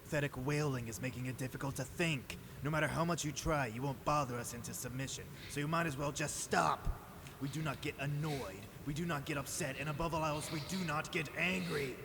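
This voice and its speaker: Guy doing a cold heartless villain, flat and slow, echoey with a noisy bed. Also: on the high side, lightly acted. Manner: flat, cold, measured delivery. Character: cold, contemptuous man who claims to feel nothing. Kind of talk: fan dub acting.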